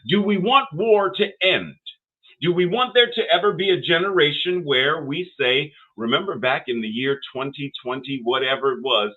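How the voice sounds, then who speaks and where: A man's voice: fairly high pitch, moderate pace, breathy edge. An older man delivering a sermon as minister, building rhythmic, repetitive phrases to rising emphasis. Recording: phone-like narrow band audio.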